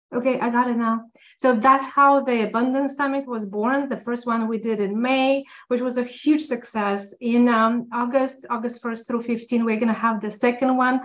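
A woman guest on a podcast, chatting enthusiastically and telling animated stories. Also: a little high, highs cut off. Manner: enthusiastic, upbeat, animated storytelling. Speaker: podcast guest, tax accountant. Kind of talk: casual interview talk.

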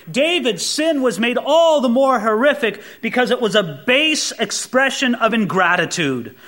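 A male pastor delivering a sermon, animated and emphatic, asking the congregation rhetorical questions and swinging between emphatic rises and hushed drops. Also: extremely high pitch. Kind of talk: expository sermon.

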